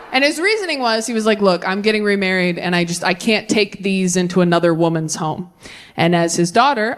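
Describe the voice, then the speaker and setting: A woman in her thirties performing a stand-up comedy set on a theater stage, telling deadpan stories with quick voiced asides into a handheld mic. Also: medium pitch, a little hiss or hum. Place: theater stage before a live audience.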